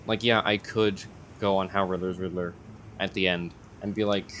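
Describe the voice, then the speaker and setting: A man's voice: low voice, level tone, normal speed, a bit bright, slight background noise. A young man rambling casually in a vlog, hesitant and full of fillers and self-corrections. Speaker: YouTuber.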